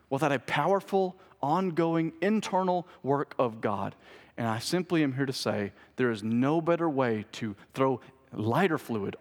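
A male pastor preaching a sermon in a church, earnestly repeating key phrases and moving between urgent appeals and hushed, intent passages. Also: mid-range voice. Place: church sanctuary. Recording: reverberant church hall.

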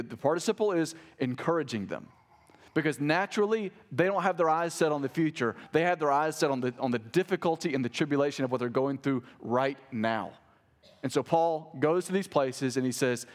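A pastor preaching a sermon to his church, building to emphatic, rising peaks and then dropping to quiet intensity. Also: mid-range voice. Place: church sanctuary.

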